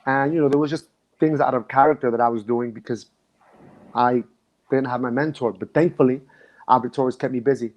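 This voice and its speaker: A man's voice: mid-range voice, fairly even intonation, fairly quick. A man, a dance instructor, recalling his past in a reflective, emotional way and often restarting his sentences. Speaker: guest. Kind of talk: casual conversation.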